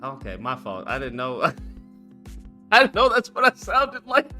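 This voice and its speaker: A man hosting a call-in show, talking loudly and profanely, laughing and mocking as he goes. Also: mid-range voice, very animated, moderate pace, soft background music. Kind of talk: casual call-in commentary.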